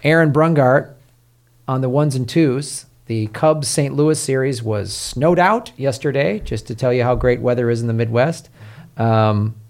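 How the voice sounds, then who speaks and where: A man's voice: mid-range voice, measured pace, a little mellow. A man co-hosting a comedy podcast, joking around and plugging his tour dates. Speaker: podcast co-host. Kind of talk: casual comedy podcast chat.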